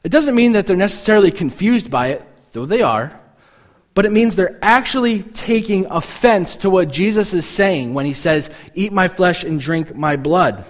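A man delivers a sermon in an easy, conversational way, his voice sitting a little higher than most men's. He often drops into brief imitations of puzzled or grumbling listeners before returning to his teaching. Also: animated. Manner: conversational, acts out listeners' reactions in quick asides. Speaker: pastor.

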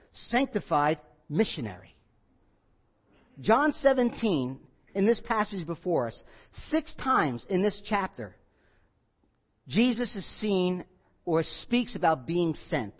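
A male pastor preaching a sermon, emphatic, repeating key phrases and swinging between loud and quiet. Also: high voice, highs cut off.

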